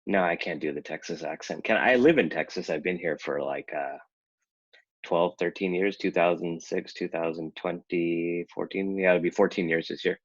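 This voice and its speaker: A man's voice: sits low, moderate pace, slightly rough, no echo, muffled recording. A man chatting casually in a rambling, self-correcting way as he talks through his own screen-share vlog. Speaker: YouTuber talking about affiliate marketing.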